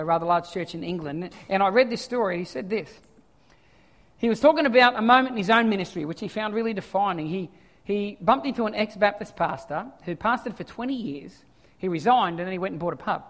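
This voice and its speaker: A male pastor preaching a sermon, swinging from quiet scripture reading to loud animated asides. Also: high-pitched, in a large hall.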